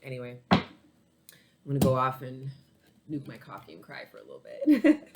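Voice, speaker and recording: A woman's voice: a bass voice, wildly swooping pitch, a little slow, long pauses, slight background noise. A woman talks through a tarot reading in a loose, unscripted way. She rambles, swears often and gets emotional, breaking into laughter between her thoughts. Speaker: tarot reader. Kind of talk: casual tarot reading to camera.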